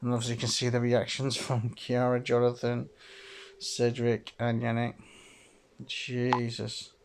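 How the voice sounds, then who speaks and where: A man's voice: mid-range voice, completely flat delivery, measured pace, creaky, slight background noise. A man commenting on a video game he is playing, reacting under his breath and hedging with lots of "sort of" and "I suppose". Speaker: gamer. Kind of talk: let's play commentary.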